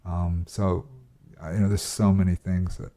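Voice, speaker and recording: A male actor, a guest chatting casually in a flat, relaxed and rambling with many fillers. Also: sits low, normal speed. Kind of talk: casual interview chat. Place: host's flat.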